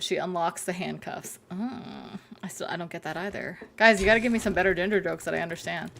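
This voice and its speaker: Young woman gaming streamer, gravelly lowish voice, chatty and giggly, bit of hiss behind. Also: quick pace, a bit bright. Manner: chatty, giggly, reading chat jokes aloud. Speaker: game streamer. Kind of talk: casual live-stream chat.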